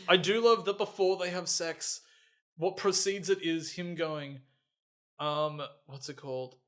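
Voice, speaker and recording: A man's voice: high-pitched, steady tone, slow, a bit bright. A man co-hosting a podcast, chatting casually about a film with frequent laughter and acted-out quotes. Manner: giggly, acts out quoted lines. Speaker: podcast co-host. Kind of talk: casual comedic film chat.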